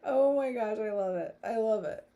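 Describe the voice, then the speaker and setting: A woman's voice: on the high side, normal speed, dark tone. A woman hosting a casual writing livestream, chatting, laughing often and reading viewer comments aloud. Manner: giggly, reads chat aloud. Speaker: livestream host.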